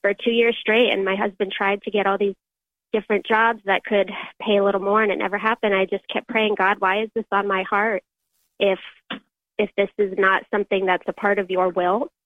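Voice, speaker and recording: A young woman caller telling a personal faith story on a call-in show, earnest and halting. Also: mid-range voice, level tone, dry recording. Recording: tinny phone line.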